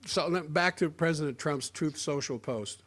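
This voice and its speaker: A man's voice: a little high, normal speed, a bit bright. A man giving a sarcastic, rambling political opinion monologue, often restarting his sentences. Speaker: political commentator.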